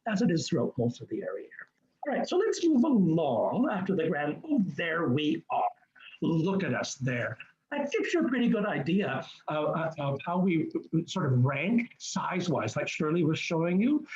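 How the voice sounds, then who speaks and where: A man's voice: fairly high pitch, big pitch swings, moderate pace, a little mellow. Chatty man on lo-fi webinar audio. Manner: chatty, enthusiastic, rambling with many restarts. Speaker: group cruise host presenting a webinar. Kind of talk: casual webinar presentation. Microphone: computer mic on a video call.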